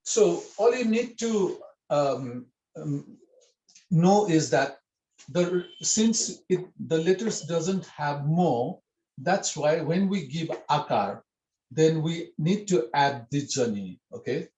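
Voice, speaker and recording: A man's voice: on the high side, animated, slow pace, darkish tone, echoey room, low-quality recording. A man teaching a writing script in an online lesson, explaining patiently and repeating himself with many fillers over a video call.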